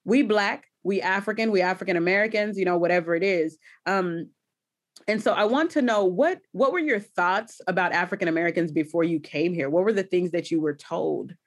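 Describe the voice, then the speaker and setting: A woman hosting an interview in a casual, expressive, chatty way, full of affectionate interjections. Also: on the low side, normal speed. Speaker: host.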